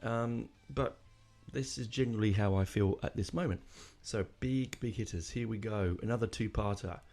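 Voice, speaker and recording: A man hosts a solo podcast in a low, gravelly voice. He rambles through his thoughts with fillers and restarts and lets his feelings show. His tone is mellow and dark. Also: normal speed, soft background music. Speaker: podcast host. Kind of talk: casual solo podcast talk.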